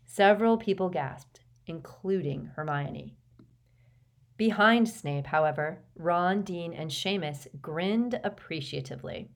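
A woman narrating a novel as an audiobook, in a steady, measured storytelling manner. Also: fairly low pitch. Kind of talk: scripted narration.

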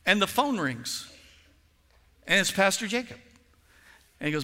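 A male pastor preaching a sermon in an animated storytelling manner, acting out phone calls with friends. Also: high voice, normal speed, long pauses, big-room sound.

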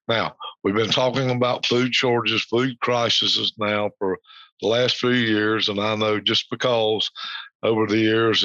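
A man's voice: on the low side, sharp tone, no echo. A man from the United States hosting a podcast, talking informally about a news topic with many fillers and restarts. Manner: rambling, frequent fillers, reads quotes aloud. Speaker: podcast host. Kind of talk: informal educational talk. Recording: dull lo-fi dry recording.

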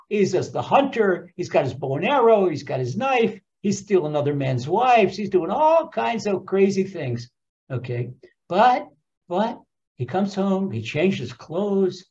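Animated man telling scripture stories. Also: high voice. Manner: repeats phrases for emphasis, stumbles and restarts. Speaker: Torah teacher. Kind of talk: animated storytelling lecture. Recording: dull lo-fi recording.

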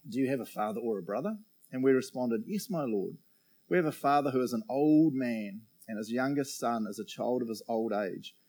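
A man preaching a sermon, reading scripture aloud and explaining it in animated storytelling with frequent "right?" asides. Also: medium pitch.

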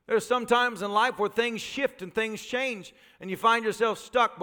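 Animated pastor preaching in a reverberant sanctuary. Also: male voice, high-pitched, quick pace, few pauses, clean tone. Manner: animated, joking preaching with rhetorical questions. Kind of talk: sermon. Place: church sanctuary. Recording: live church recording with long reverb.

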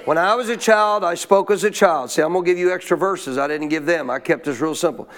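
In church, a pastor preaches a sermon in call-and-response style, reading verses and asking his congregation questions for them to answer aloud. His fairly high, fairly bright voice moves a little fast, with some chatter audible behind him.

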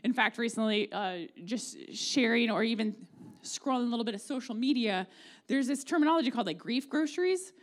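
A woman pastor in her forties with a Midwestern American accent preaches in a church. Her voice sits fairly high. She talks in a chatty, joking way and acts out quoted prayers. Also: expressive, brisk. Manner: conversational and humorous, acting out quoted prayers. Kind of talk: sermon. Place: church sanctuary.

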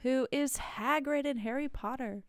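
A woman's voice: sits high, moderate pace, clear, resonant tone, dry recording, clean studio sound. A woman co-hosting a casual podcast, recapping a movie with frequent laughs. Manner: laughs often, chatty and relaxed. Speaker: podcast co-host.

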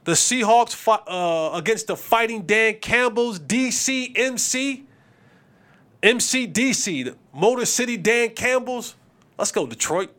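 A high-voiced man talking sports casually on his own show. He is animated and blunt, making quick picks and trash talk. He stumbles over words and repeats himself as he goes. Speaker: podcast host and former receiver.

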